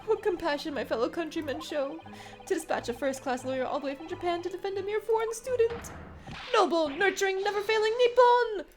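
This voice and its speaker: A woman voicing an excitable, theatrical young male Japanese poet who speaks in melodramatic, alliterative outbursts. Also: extremely high pitch, fairly quick, faint music behind, pitched above the performer's own voice. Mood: gushing.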